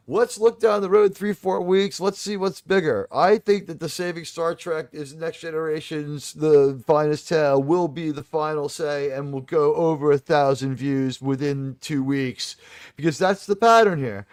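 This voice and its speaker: Rambling New York man, fairly high voice. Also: no room sound, studio quality. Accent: New York, slightly Boston-tinged. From New York City. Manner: rambling and effusive, many fillers and restarts. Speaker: host of a live watch-party panel stream. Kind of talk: casual live-stream chat.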